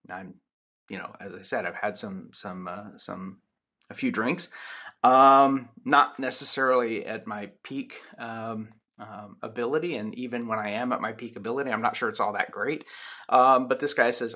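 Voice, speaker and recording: A man's voice: medium pitch, moderate pace, sharp tone. A man lecturing on sociology in a loose, chatty way, with many ums and restarts. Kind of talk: recorded lecture with personal anecdote.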